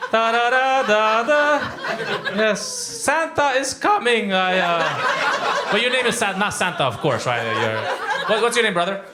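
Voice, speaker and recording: A man's voice: sits high, very animated, normal speed. A Romanian man doing playful, teasing crowd work as a stand-up comedian in a live club. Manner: playful, teasing, puts on silly voices. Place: comedy club stage in New York. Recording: echoey club with loud background noise.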